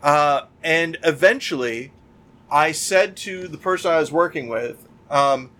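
A podcast co-host tells work anecdotes animatedly in a casual chat, acting out the quotes in a loose, restarting way. His voice is fairly high, unhurried, pushed, and bright.

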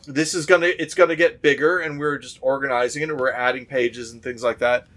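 A man's voice: medium pitch, fairly even intonation, a little fast, a bit bright. A man co-hosting a casual podcast chat, telling work anecdotes animatedly and acting out the quotes in a loose, restarting way. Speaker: podcast co-host.

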